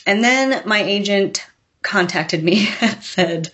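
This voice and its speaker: A woman author telling stories in a casual interview, chatty and animated, acting out quotes as she goes. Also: on the low side, takes it slowly. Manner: chatty, animated storytelling with laughs and acted quotes. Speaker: author, podcast guest.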